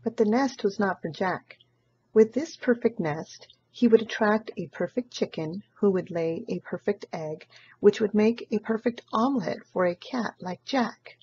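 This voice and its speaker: A woman reading a children's picture book aloud in an expressive storytelling manner. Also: medium pitch, unhurried, dull audio, a little hiss or hum. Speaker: storybook reader.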